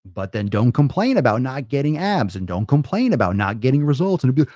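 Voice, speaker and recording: A man's voice: mid-range voice, big pitch swings, fairly quick, hardly any pauses, darkish tone, no echo, clean studio sound. A man ranting in a blunt, profane way, sometimes mocking whiny excuses in a silly voice. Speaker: fitness vlogger. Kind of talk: profane motivational rant.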